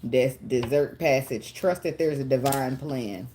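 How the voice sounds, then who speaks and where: A woman's voice: rumbling low, measured pace, mellow, slight background noise. A woman, giving a casual tarot reading in a chatty way, swearing, laughing often and getting emotional. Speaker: tarot reader.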